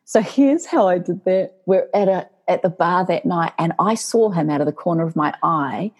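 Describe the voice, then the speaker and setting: A middle-aged woman telling her story as an interview guest, lively and animated, acting out quotes. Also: lowish voice, moderate pace, slightly rough. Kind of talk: storytelling in casual chat.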